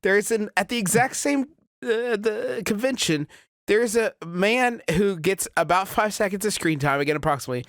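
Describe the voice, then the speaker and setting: A man co-hosting a podcast, telling stories in casual comedic chat and quick to laugh. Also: high-pitched, fairly bright tone, dry recording, clean studio sound. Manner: giggly, storytelling, quick to laugh. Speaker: podcast co-host.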